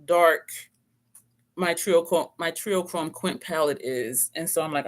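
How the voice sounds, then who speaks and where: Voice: mid-range voice, fairly even intonation, moderate pace. A beauty vlogger chatting casually through a makeup rundown, rambling, correcting themselves and tossing in playful asides. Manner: laughs now and then, playful asides. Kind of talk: casual makeup review chat.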